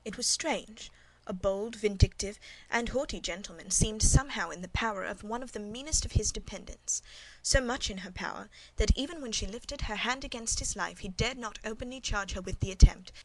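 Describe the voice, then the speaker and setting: A woman narrates a classic novel in the first person, reading in a measured, even way. Her voice sits at a middle pitch, neither high nor low. The delivery is steady and scripted, like a storybook read aloud. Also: slight background noise, poor audio. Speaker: audiobook narrator.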